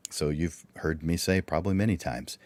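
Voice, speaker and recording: Male workshop presenter, deep-voiced, instructive, quizzes the listener with rhetorical questions, dry close sound. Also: normal speed, darkish tone, no echo. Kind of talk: livestreamed speaking workshop.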